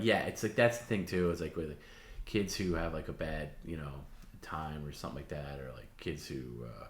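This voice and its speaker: A man's voice: extremely low pitch, moderate pace, reverberant, a little hiss or hum. A man co-hosting a casual livestream, reading viewer comments aloud in a loose, rambling way. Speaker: stream co-host.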